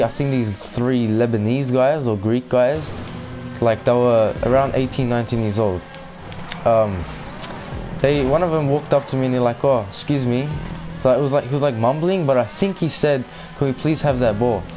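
A man's voice: mid-range voice, moderate pace, over music, rough recording. A young man telling a rambling, casual storytime for his gaming channel, full of fillers and swearing.

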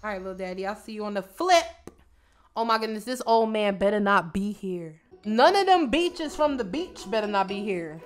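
A young woman commentating her own gameplay casually, brash and profane, shouting at the game. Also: mid-range voice, animated, normal speed. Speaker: gaming video host. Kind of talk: casual let's-play commentary.

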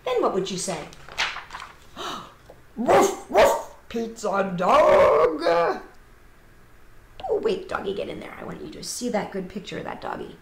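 A woman who entertains children, reading a picture book aloud in an animated, sing-song way with playful animal noises. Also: mid-range voice, normal speed, creaky, long pauses, roomy sound, slight background noise.

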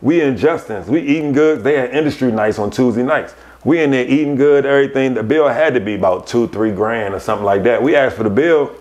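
A man, a podcast guest, telling casual stories, animated and laughing as he acts out other people's voices. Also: mid-range voice, brisk, hardly any pauses. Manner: animated, laughs through his anecdotes. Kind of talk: casual storytelling.

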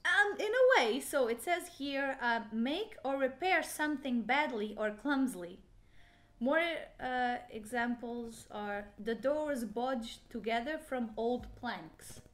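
A woman's voice: a little high, animated, slow, fairly bright tone. A young woman, chatting playfully as co-host and guessing aloud. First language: Portuguese. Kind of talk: casual chat. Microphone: handheld recorder.

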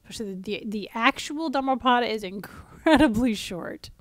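A woman's voice: fairly high pitch, lively intonation, normal speed, no room sound. A woman giving a casual spiritual talk to camera. She is conversational, uses frequent fillers and restarts, and sometimes drops to a near-whisper for emphasis. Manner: mock-exasperated voice when acting out a frustrated reader. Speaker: spiritual teacher. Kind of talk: casual spoken teaching to camera.

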